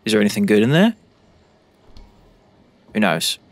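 Very animated yet moderate in pace, a young gaming YouTuber from Britain jokes through his playthrough and talks to the on-screen characters. His voice is fairly low, with no room sound in the recording.

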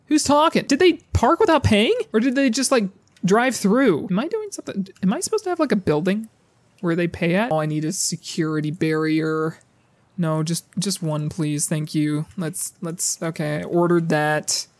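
Sarcastic, profane gamer. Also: male voice, fairly high pitch, normal speed, a little mellow, no echo. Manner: profane, sarcastic, jokey, talks to the game characters. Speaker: gaming YouTuber. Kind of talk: casual gameplay commentary.

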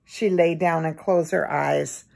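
A woman gently reading a children's book aloud in an expressive bedtime manner. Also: low-pitched, a little slow, vocal fry. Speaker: storybook reader.

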